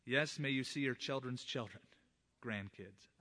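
A man's voice: mid-range voice, a little slow, bright, forceful tone. A middle-aged man, a pastor, preaching a sermon and earnestly addressing the fathers in the congregation.

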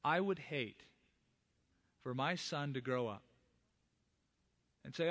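Earnest preaching pastor, bright man's voice. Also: medium pitch, lively intonation, slow, long pauses. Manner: earnest, directly addresses fathers in the congregation. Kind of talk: sermon.

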